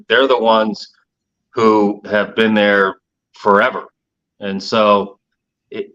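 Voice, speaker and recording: A man speaking as a radio guest, talking in a heartfelt, halting way about family support. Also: fairly low pitch, fairly bright tone, muffled recording. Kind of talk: casual radio interview.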